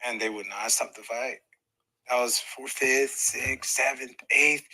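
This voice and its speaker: Middle-aged boxer, very bright tone, lively storyteller, punches out sound effects, podcast guest. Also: male voice, mid-range voice, normal speed, husky, rough recording. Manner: lively, acts out moments with sound effects and laughter. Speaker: professional boxer. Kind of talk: animated storytelling in a podcast interview.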